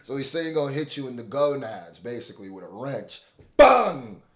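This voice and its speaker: A man hosting a reaction video, commenting casually with loud excited exclamations and repeating lines back. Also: mid-range voice, brisk, roomy sound.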